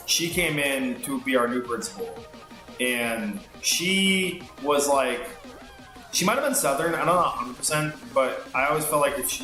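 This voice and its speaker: A man's voice: medium pitch, sharp tone, echoey room. A man telling a rambling, profane story while playing a game, full of fillers. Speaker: streamer. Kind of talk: casual storytelling while gaming.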